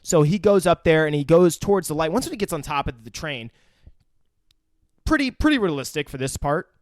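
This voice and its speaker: A young man co-hosting a podcast, recapping a movie in casual chat, crude and quick to laugh. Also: fairly high pitch, animated, dry recording, studio quality. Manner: crude, laughing, swears freely. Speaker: podcast co-host.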